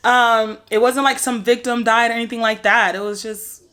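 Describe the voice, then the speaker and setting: A woman's voice: a little high, normal speed, hardly any pauses, sharp tone. Chatty young woman vlogging to camera. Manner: chatty, rambling, lots of likes and ums. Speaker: vlogger sharing pregnancy updates. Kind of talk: casual chat to camera. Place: at home in her bedroom.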